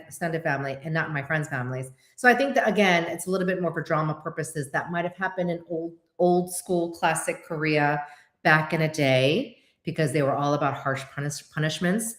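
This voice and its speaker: A woman hosting a casual chat, answering viewer questions with quick asides and acted-out quotes. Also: on the low side, a bit bright, reverberant.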